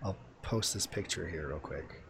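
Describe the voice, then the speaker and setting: Excitable man chatting about a game. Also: low voice, moderate pace, vocal fry, slight background noise. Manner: enthusiastic, laughs often. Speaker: podcast co-host. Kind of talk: casual gaming chat.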